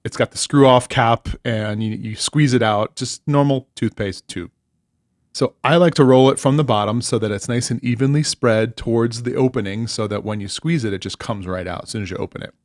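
A man's voice: medium pitch, brisk, no room sound, clean studio sound. A man co-hosting a podcast, telling a story in casual chat with lots of swearing and exasperation. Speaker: podcast co-host.

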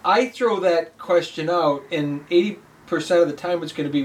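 A woman's voice: lowish voice, moderate pace, distant mic. A woman co-hosting a casual business chat, talking in a candid, emphatic, self-deprecating way. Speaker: co-host.

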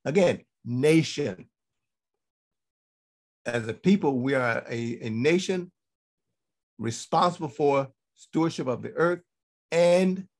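A man giving a Bible teaching sermon to a congregation. He repeats his points for emphasis and keeps checking in with "okay?". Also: fairly high pitch.

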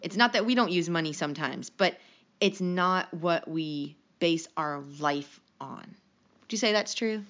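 A woman co-hosting a podcast in relaxed casual chat, halting now and then with fillers. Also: lowish voice. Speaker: podcast co-host. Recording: dull lo-fi recording.

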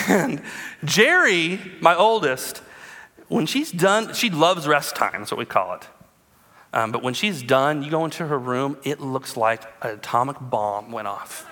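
A man in his thirties, a pastor preaching a sermon with animated storytelling and calls to the congregation. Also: on the high side, in a large hall.

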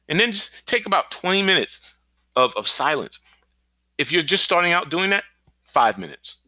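A male pastor giving an encouraging podcast sermon, energetic and often checking in with "right?". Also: on the high side, moderate pace, no echo. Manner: energetic, keeps asking "right?".

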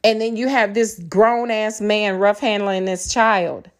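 A woman's voice: medium pitch, steady tone, measured pace. A woman with grown children and grandchildren, delivering an impassioned, blunt and profane solo monologue as a podcaster. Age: older. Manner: angry, blunt, profane ranting.

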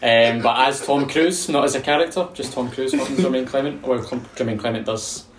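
A young man in casual chat, thinking aloud with halting restarts. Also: medium pitch. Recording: roomy echo.

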